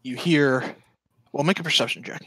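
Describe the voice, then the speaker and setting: Guy narrating a tabletop game as dm, bright and kinda husky, dry audio. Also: mid-range voice, normal speed, no room sound, low-quality recording. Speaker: dungeon master.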